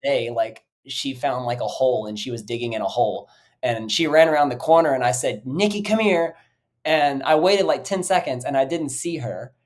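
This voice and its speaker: A man hosting a casual podcast about dog training, telling rambling, animated stories full of "like" and the odd swear word. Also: mid-range voice, moderate pace.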